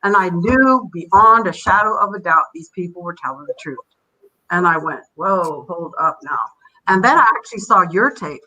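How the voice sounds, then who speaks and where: Older lady guest on a podcast, bright voice, rambles on and acts out everyone she quotes. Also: mid-range voice, lively intonation, normal speed, poor audio. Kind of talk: casual interview storytelling.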